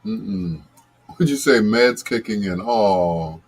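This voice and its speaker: A man's voice: on the low side, expressive, takes it slowly, breathy edge. A man hosting a late-night love-songs radio show, chatting casually and greeting listeners by name. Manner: laid-back, chatty, talks to listeners by name.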